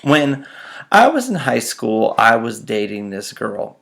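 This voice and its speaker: A man's voice: mid-range voice, huge pitch swings, takes it slowly, creaky, fairly bright tone. A man telling self-mocking personal stories in a casual, dramatic way. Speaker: storyteller.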